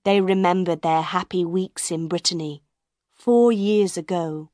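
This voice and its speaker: A woman narrating an audiobook in a slow, clear, simple delivery. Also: lowish voice, fairly even intonation, darkish tone, no echo, studio quality.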